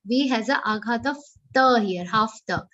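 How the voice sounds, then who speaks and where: A woman teaching Sanskrit verse recitation in an online class, chanting each line slowly and carefully before explaining the sounds. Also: a little high, a bit bright, dull audio. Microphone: online call microphone.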